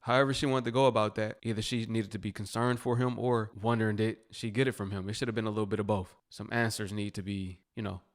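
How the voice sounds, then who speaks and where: A man's voice: fairly low pitch, fairly even intonation, quick pace, few pauses. A man hosting his channel, reacting to a clip in casual, emphatic commentary and talking to viewers as family.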